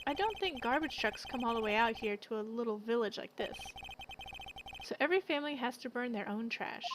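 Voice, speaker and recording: A woman's voice: fairly high pitch, expressive, fairly quick, noisy background. A woman streamer reading a game's dialogue aloud in a casual, musing way. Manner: casual, soft, muses aloud. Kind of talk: reading game dialogue aloud, let's play. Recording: game music playing behind.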